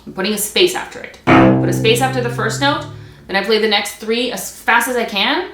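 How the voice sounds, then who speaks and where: A woman's voice: fairly high pitch, very animated, brisk, over loud music. A woman teaching a string practice technique, explaining step by step in a patient, demonstrating manner. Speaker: music teacher. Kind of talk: instrumental practice lesson. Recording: echoey room with string playing. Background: bowed string instrument between lines.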